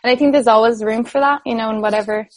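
An Irish woman speaks in a chatty, enthusiastic interview manner, sprinkling her talk with fillers. Her voice sits a little high. The sound is dry and close. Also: fairly even intonation, fast talker, dry recording. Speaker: singer guest. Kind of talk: casual interview chat.

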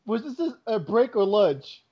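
A man's voice: high voice, very animated, a little slow, crowd noise. A man in a casual, profane chat with friends, telling stories and mimicking people. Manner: swears a lot, mimics people in quoted voices. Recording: dull lo-fi sound.

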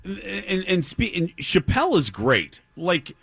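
A man hosting a podcast, talking about movies in an animated, exasperated way. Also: sits high, measured pace, vocal fry, slightly rough, no room sound. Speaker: podcast host. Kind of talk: casual chat about movies.

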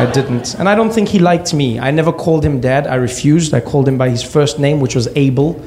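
A man from Africa telling a comic personal story with wry, deadpan asides. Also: mid-range voice, brisk, hardly any pauses, crowd noise.

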